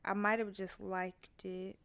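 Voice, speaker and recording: A young woman hosts her own podcast, speaking slowly in a smooth, fairly bright mid-range voice with vocal fry and little pitch variation. Her solo chat is casual and profane, and she occasionally breaks into song.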